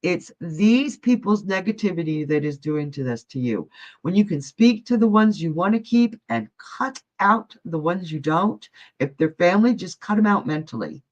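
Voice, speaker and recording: A woman's voice: on the low side, lively intonation, moderate pace. A woman hosting a live psychic reading stream, talking in a chatty, folksy way and calling viewers honey and love. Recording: dull lo-fi stream audio.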